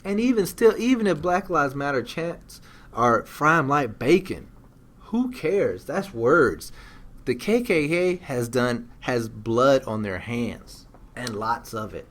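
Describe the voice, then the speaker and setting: A man's voice: mid-range voice, lively intonation, slow pace, fairly bright tone. A man co-hosting a casual commentary chat, blunt and opinionated, now and then acting out quotes. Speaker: co-host.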